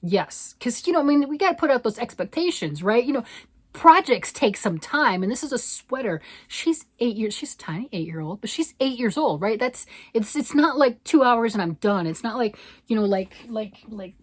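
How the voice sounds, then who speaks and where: A woman's voice: fairly high pitch, lively intonation, normal speed, no room sound. An older woman, a grandmother, chatting casually about yarn and knitting on her vlog, rambling and often asking "right?". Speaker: yarn vlogger. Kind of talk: casual chat.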